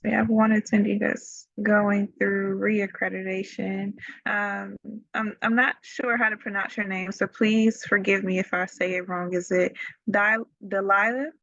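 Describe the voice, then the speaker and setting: Een vrouw die een webinar modereert via een videogesprek, enthousiast en vriendelijk. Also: female voice, mid-range voice, little pitch movement, a little slow, creaky, a bit bright, no room sound, dull audio. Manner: friendly, enthusiastic, laughs easily.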